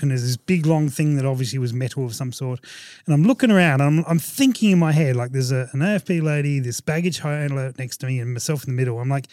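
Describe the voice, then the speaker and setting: A man hosting a podcast, telling a travel story in a casual, animated way, laughing often and acting out what people said. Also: medium pitch, fast, no room sound. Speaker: podcast host.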